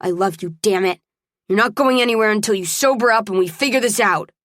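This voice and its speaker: A woman's voice: mid-range voice, fairly quick, fairly bright tone, no room sound, clean studio sound, close to an everyday voice. A woman voicing a possessive young male college fighter who growls controlled, menacing threats, in an audiobook. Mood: firm.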